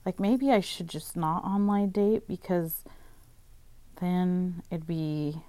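A woman's voice: lowish voice, takes it slowly, warm tone, no room sound. A woman telling a casual storytime rant, exasperated and profane, with "like" in almost every sentence. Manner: profane, exasperated, heavy use of "like". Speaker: vlogger.

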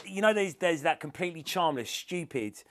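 A man's voice: fairly high pitch, lively intonation, normal speed, fairly bright tone. Blunt, swearing man. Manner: blunt, swearing, stumbling restarts. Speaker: podcast co-host. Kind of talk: casual chat.

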